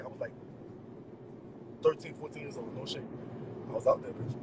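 A man venting to his viewers in an animated, profane, emphatic rant. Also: a little high, normal speed, noisy background. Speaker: vlogger. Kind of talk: ranting straight to camera.

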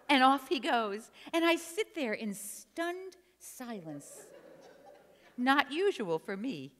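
Older woman from New Jersey, comic stage storyteller; animated, bouncy, slightly high voice in a long hall reverb. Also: slow. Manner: animated, chatty, teases the audience. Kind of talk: humorous live storytelling.

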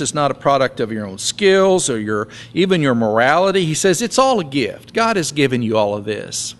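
Man preaching a lively sermon. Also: medium pitch, moderate pace, few pauses. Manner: reads scripture aloud with lively, sarcastic emphasis. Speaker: pastor. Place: church.

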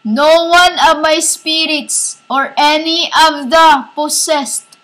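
A woman with a high, bright voice delivers a rambling spiritual monologue. She speaks slowly and haltingly, repeating herself and breaking off to address her listeners as women. She sounds like a self-styled preacher. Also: rough recording.

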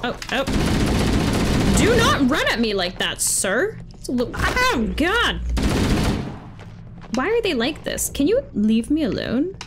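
Lively high-voiced woman gamer. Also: slow pace, pauses often, heavy background noise. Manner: chatty, talks back at game characters, exclaims. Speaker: game streamer. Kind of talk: live gameplay commentary. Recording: game gunfire loud behind voice.

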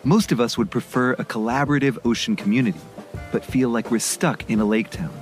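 A man's voice: medium pitch, a little fast. Earnest man narrating a podcast. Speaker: podcast co-host. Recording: music bed underneath.

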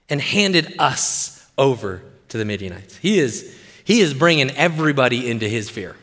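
A male pastor preaching in an animated, playful way, often putting questions to the congregation. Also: mid-range voice, moderate pace, in a large hall. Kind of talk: sermon.

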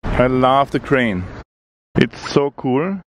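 A man whose first language is German, narrating his film photography vlog outdoors on a city street, unhurried and enthusiastic, thinking aloud as he shoots. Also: medium pitch, loud music behind the voice.

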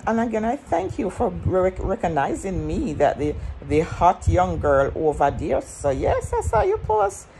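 A Jamaican woman ranting to her viewers in a defiant, scolding way, her voice jumping up high when she gets riled. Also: gravelly, dark tone, slight background noise, poor audio. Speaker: vlogger. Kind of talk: heated rant to camera.

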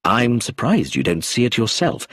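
A man voicing a calm, shrewd older father in an audiobook, gentle and measured. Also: mid-range voice, slightly rough, no room sound, studio quality, full character voice.

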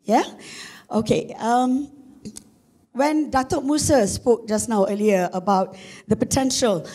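Malaysian lady speaking at a conference, husky voice, kinda high, lots of um and uh. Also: slow pace, mellow. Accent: Malaysian English. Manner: chatty, many fillers and restarts. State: husky voice from dust. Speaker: conference speaker, marketing executive. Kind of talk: conference presentation. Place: conference room.

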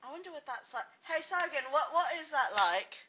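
Woman fan dubber, bright and slightly high, cursing and joking through outtakes on a muffled home mic. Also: animated, fairly quick. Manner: joking, swearing, teasing, laughing. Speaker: fan dub voice actor. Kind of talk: blooper banter between takes.

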